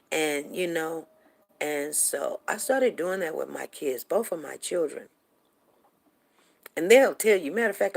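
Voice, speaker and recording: A middle-aged woman with a low voice and a gravelly edge tells a personal story in a casual way. She gets animated and repeats words for emphasis. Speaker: show host.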